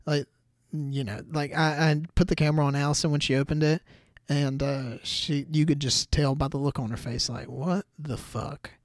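A man's voice: a little high, level tone, normal speed, no echo, studio quality. A young man hosting a podcast, telling a story in a rambling casual way full of "like" and "you know". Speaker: podcast host.

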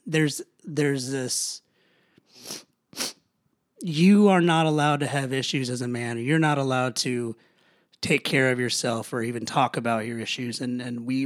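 A man hosts his own podcast in a halting, earnest way, often stopping and starting over. He sounds low and weary but keeps going. His voice sits at an ordinary pitch and is recorded dry and close. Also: no room sound. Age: young adult to middle-aged, a father. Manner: halting, earnest, many restarts. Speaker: podcast host. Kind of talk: personal solo podcast talk.

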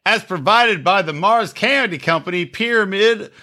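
Bright, animated man riffing on a podcast. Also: high voice, normal speed. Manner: animated, profane, laughing storyteller. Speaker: podcast co-host. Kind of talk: casual comedic show-review chat.

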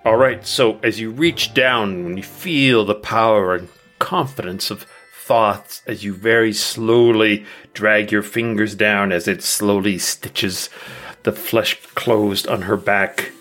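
A woman narrating a tabletop game as game master, describing scenes slowly and laughing often. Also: extremely low pitch, fairly bright tone, faint music behind.

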